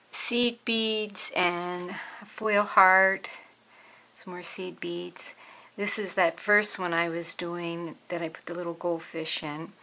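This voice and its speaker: A woman talking through a crafting tutorial in a relaxed, chatty way, thinking aloud as she works. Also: fairly low pitch. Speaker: crafter demonstrating a project.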